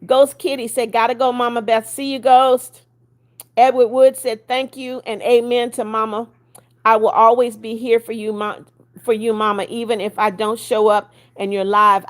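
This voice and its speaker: A woman in her seventies hosts a live stream, reading comments out and greeting each viewer by name. Her voice sits a little high for a woman, and she talks in a chatty, blunt way that turns scolding when someone annoys her. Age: 70s. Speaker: livestream host. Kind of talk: casual livestream chat reading comments.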